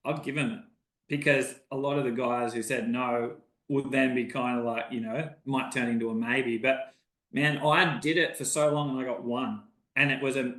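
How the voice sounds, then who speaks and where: An Australian man talks loosely on a podcast, rambling from one story to the next and acting out both sides of old conversations. His voice sits at an ordinary middle pitch. The recording carries a noticeable roomy echo. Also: a bit bright. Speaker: podcast guest, bowhunter. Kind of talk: casual podcast chat.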